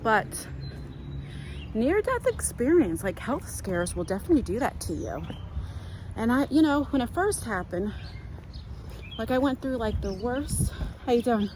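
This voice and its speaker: Middle-aged woman vlogger, higher-pitched, loose chatty delivery while walking outside, light background hiss. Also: sing-song, measured pace, long pauses, darkish tone, poor audio. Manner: chatty, rambling, many fillers. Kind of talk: casual walk-and-talk vlog. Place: outdoors on a walk.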